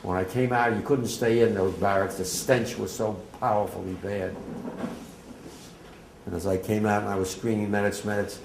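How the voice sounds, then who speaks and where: Man, 80s, from New Jersey; low-voiced, emotional eyewitness testimony, halting and swelling to near shouts; reverberant room. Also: steady tone, gravelly, background noise. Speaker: war veteran speaker.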